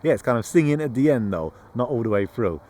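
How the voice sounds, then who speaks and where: A man's voice: medium pitch, lively intonation, quick pace, dark tone. A man chatting casually in a travel vlog outdoors, playful and joking about his own pronunciation. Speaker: travel vlogger. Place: outdoors on a road trip.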